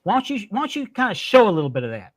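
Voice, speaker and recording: High-voiced, indignant man hosting a show. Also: wildly swooping pitch, rapid-fire. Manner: indignant, repeats himself for emphasis. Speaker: podcast host. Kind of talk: live-stream talk show.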